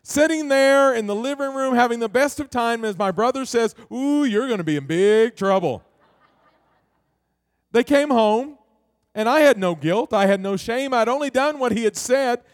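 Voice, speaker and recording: High-voiced man preaching a sermon. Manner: storytelling, slowing down and dropping soft to stress a point. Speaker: pastor.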